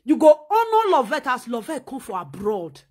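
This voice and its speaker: A high-pitched woman speaking with a Nigerian Pidgin accent. She rants at the camera in a scolding, mocking, animated way. She keeps sewing as she talks. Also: moderate pace, breathy edge. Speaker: vlogger. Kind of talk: ranting vlog commentary.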